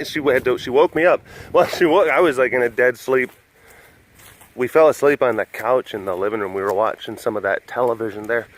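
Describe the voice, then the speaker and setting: A man's voice: mid-range voice, fairly bright tone, a little hiss or hum. Chatty young man telling stories. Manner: chatty, often acts out other voices, laughs a lot. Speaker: big cat sanctuary vlogger. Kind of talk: casual rambling storytelling. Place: outdoors at a big cat enclosure.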